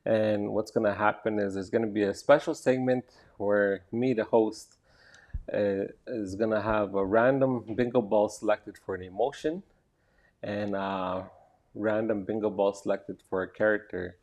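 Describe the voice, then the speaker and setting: A man hosting a live-streamed podcast interview from an indoor arts center, talking casually and haltingly with many fillers. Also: fairly low pitch, steady tone, a little mellow.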